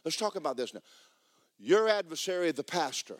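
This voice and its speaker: A man preaching a sermon as pastor in a church, animated and emphatic with folksy humor. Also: fairly high pitch, fairly quick. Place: church sanctuary.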